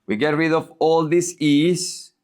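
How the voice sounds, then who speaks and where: A man teaching a language lesson, modeling each example word slowly and repeating it for practice. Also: a little high, flat delivery, darkish tone. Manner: slow, deliberate modeling of words. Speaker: Spanish teacher.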